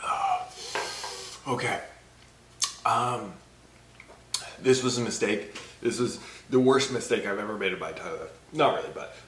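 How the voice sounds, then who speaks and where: A man's voice: lowish voice, moderate pace, long pauses. A young man vlogging to the camera in short, fretful bursts. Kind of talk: casual video blog. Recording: roomy echo, faint background noise.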